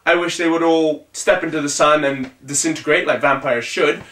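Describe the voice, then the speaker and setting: Energetic high-voiced man hosting a vlog. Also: normal speed. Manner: energetic, sarcastic, jumpy delivery. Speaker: vlog host. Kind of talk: comedic web show hosting. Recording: echoey room.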